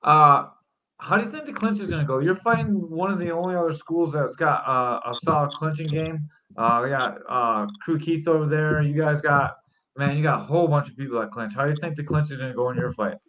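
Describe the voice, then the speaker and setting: A man's voice: on the high side, a little fast, muffled recording, a little hiss or hum. A man hosting a casual podcast chat, upbeat and rambling with plenty of fillers as he asks questions. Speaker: podcast host.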